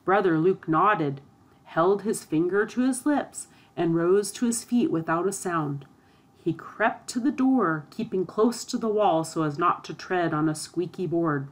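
A woman narrating a storybook aloud in a steady, expressive reading. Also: on the low side, unhurried.

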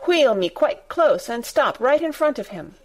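A woman's voice: mid-range voice, very animated, extremely slow, pushed and bright, exaggerated voice. A woman voicing an imperious, proud young boy who gives commands in a raised, haughty voice.

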